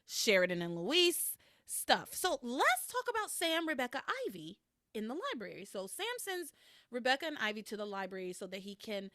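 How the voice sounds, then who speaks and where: Woman podcast host chatting, fairly high voice, really lively up and down, dry room, laughs a lot. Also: normal speed, no echo. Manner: animated, laughs often, swears casually. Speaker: podcast host recapping a soap opera. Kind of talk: casual chat.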